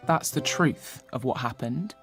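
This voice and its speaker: An actress playing the sly, scornful ghost of a maid, with a Cockney accent, in an audio drama. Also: female voice, very deep voice, measured pace, music in the background. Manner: cheeky, scornful, chatty.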